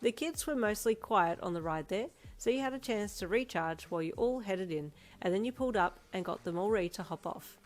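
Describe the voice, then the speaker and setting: Woman reading fanfic aloud, lively up and down voice, middle pitch. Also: a little fast, hardly any pauses. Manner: expressive, storytelling. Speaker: fan fiction reader. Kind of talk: second-person story narration.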